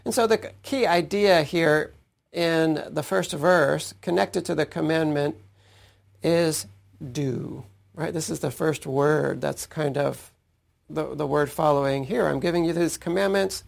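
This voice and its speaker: A man's voice: fairly high pitch, unhurried, vocal fry. A man teaching a weekly Torah portion, thoughtful, often checking in with "right?". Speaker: Bible teacher.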